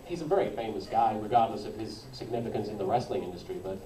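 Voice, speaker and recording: A man's voice: fairly low pitch, lively intonation, fast talker, dark tone. A man on a convention panel chatting casually, rambling and correcting himself as he goes. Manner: rambling, self-correcting, laughs often. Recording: roomy hall from far off, crowd behind.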